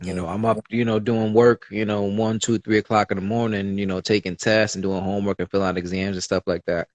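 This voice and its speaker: A man's voice: on the low side, level tone, brisk, no echo. A man talking as a podcast guest in casual conversation, sharing personal stories in an earnest, open way with many fillers.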